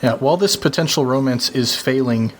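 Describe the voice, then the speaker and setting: A man playing a tabletop role-playing game, narrating his character's actions in a measured, dramatic way. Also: mid-range voice, a little hiss or hum. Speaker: player. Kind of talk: casual tabletop play.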